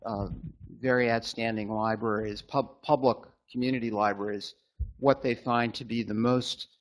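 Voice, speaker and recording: A man at a panel event asking a question haltingly, with many pauses and fillers. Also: mid-range voice, fairly even intonation. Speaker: attendee.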